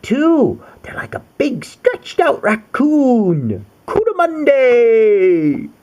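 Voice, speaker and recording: A man's voice: fairly high pitch, a little mellow, breathy edge. A man reading a picture book aloud to his young daughter, playful and sing-song, asking her questions as he goes. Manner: playful, sing-song, sprinkles in animal noises and questions to the child.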